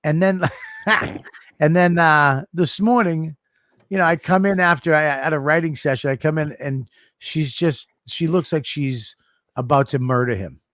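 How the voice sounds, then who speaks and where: A middle-aged man co-hosting a podcast, telling animated, profane stories in casual chat. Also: fairly high pitch, normal speed, dry recording, clean studio sound. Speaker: podcast co-host.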